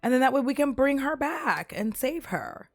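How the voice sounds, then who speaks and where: A woman's voice: high-pitched, animated, normal speed, dry recording, studio quality, voice pushed up. A woman voicing a sassy, scheming female city leader who talks in a gossipy, profane way.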